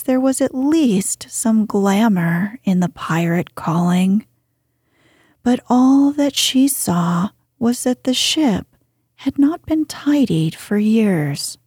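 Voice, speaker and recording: Slow breathy woman reading a story. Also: a little high, warm tone, no room sound, studio quality. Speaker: reader.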